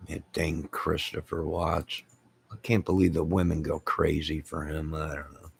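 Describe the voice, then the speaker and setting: A man's voice: extremely low pitch, level tone, unhurried, vocal fry, a little hiss or hum. A man hosting a YouTube channel, rambling in casual live-stream chat with his viewers and repeating friendly sign-offs.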